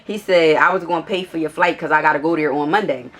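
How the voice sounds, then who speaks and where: A woman's voice: low voice, fast, fairly bright tone. A woman vlogger telling a casual storytime in a blunt, profane and sassy way.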